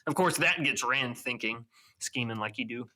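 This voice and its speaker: A man co-hosting a podcast, casually recapping a book and tossing in quick character voices as he retells scenes. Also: mid-range voice, pushed and bright, low-quality recording. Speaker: podcast co-host.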